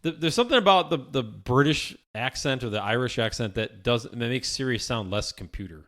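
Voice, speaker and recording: A man's voice: mid-range voice, lively intonation, a little fast, fairly bright tone. A man co-hosting a podcast, rambling in casual chat and trailing off into mumbles. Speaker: podcast co-host.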